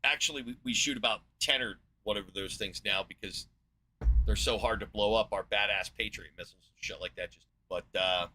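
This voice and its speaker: A man's voice: on the low side, steady tone, fairly quick, bright, forceful tone, slight background noise. A man in his forties from the United States, ranting in a sarcastic, profane monologue as a podcast host. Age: 40s.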